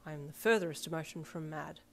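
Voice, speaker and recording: A woman's voice: deep voice, brisk, vocal fry. A woman voicing an earnest, formal teenage schoolboy who speaks in solemn, old-fashioned phrases. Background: soft backing music.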